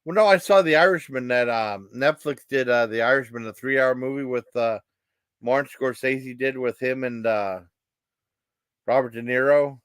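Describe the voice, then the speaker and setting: A man chatting casually on a live stream, easygoing and hesitant, pausing on fillers as he searches for names. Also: mid-range voice, smooth, no room sound. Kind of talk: casual chat.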